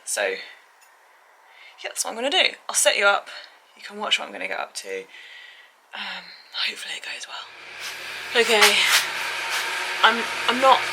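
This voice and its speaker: A woman's voice: medium pitch, creaky, background noise. A young woman talking casually to camera in a van-build vlog, chatty and self-critical, sometimes dropping to a near-whisper. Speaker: van life vlogger. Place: garage and driveway while building.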